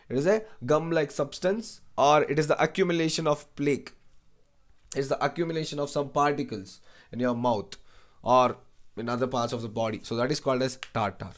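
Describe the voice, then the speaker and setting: On the high side and fairly bright in tone, a young man's voice delivers an online exam-prep lecture. He's an educator who repeats phrases, asks "right?" after nearly every line, and drops Hindi asides into his English.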